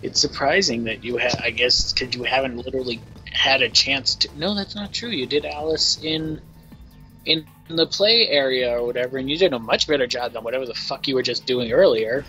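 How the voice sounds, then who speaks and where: A young man in his twenties chats casually while streaming a game, blunt and teasing, with plenty of swearing. His voice is bright with a sharp edge, and faint music plays underneath. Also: medium pitch, fairly quick, poor audio. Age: 20s. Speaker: co-host of a game let's play stream. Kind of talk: casual gaming banter.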